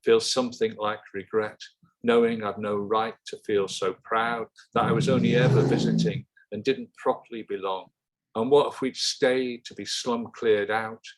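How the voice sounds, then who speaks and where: A man who grew up in Liverpool, a poet talking haltingly about his work and then reading a poem in a steady, measured way over a video call. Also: lowish voice. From Liverpool, England. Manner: halting, self-correcting chat, then steady measured recital. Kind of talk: poetry reading and discussion.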